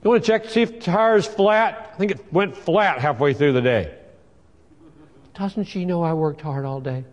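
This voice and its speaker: A man's voice: a little high, lively intonation, moderate pace, dull audio, voice pushed up, lightly acted. A man voicing a self-pitying husband who grumbles that nobody appreciates his hard day. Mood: aggrieved. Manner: whiny, aggrieved.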